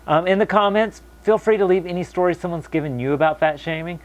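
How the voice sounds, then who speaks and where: A young American man talking casually to camera, animated, mocking other people's voices when quoting them. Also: high-pitched, fast talker. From United States. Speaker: vlogger.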